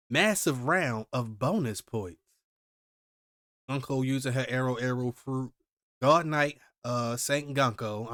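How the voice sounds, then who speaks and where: Male streamer, mid pitch, excitable slangy reactions, dry close sound. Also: no echo. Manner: animated, exclaiming, slangy commentary. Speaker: manga reaction host. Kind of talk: live manga reading and reaction.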